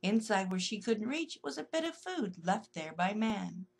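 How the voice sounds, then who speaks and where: A woman's voice: medium pitch, big pitch swings, moderate pace, vocal fry, husky. Sing-song woman reading a rhyming children's story.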